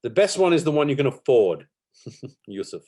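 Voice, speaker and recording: A middle-aged man teaching animation in a live online workshop over a video call. He talks in a relaxed, chatty way, with many fillers and soft laughs. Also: medium pitch, moderate pace, husky. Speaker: animation instructor.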